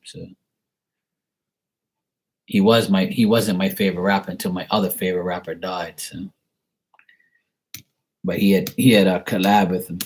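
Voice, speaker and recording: A man whose voice sits low with a darkish tone hosts a casual live stream, reading tarot and taking viewer questions. He rambles, says "you know" a lot, and is blunt, occasionally swearing.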